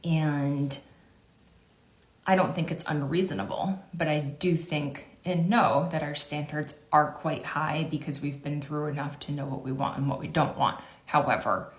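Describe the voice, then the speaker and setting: A woman speaks about herself in a tired, resigned way. Her voice sits somewhat low for a woman, and the room around her echoes. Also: steady tone, unhurried. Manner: weary, resigned. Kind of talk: confessional monologue. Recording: roomy echo.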